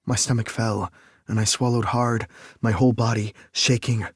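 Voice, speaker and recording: A man narrating a romance audiobook in first person, measured and even. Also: on the low side, husky, dry recording, studio quality.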